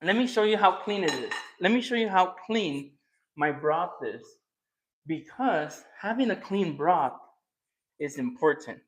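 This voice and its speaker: A man chatting casually while he cooks on camera, thinking out loud and teasing his viewers. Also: high voice, lively intonation, measured pace. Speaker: cooking and eating vlogger. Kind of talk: casual chat while cooking.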